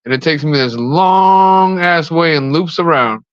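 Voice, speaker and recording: A man's voice: fairly high pitch, measured pace, clean tone, no room sound. A man co-hosting a casual podcast, telling rambling stories and swearing casually. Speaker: co-host. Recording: slightly dull, dry mic.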